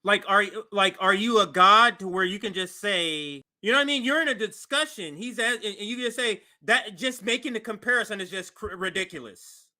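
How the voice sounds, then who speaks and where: A man's voice: high voice, a little fast, hardly any pauses, sharp tone. A man hosting a reaction commentary, asking pointed, incredulous questions about a clip. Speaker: commentary host.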